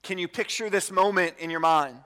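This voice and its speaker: A man preaching a sermon as pastor, earnest, slowing down to stress key words. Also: high-pitched, bright, forceful tone, clean tone, big-room sound. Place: church sanctuary.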